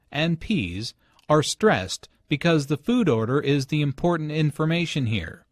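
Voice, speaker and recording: Man explaining language notes, real slow, dry close sound. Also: a little high, no echo. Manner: slow, deliberate explanatory delivery. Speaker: language teacher narrator. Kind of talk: scripted instructional narration.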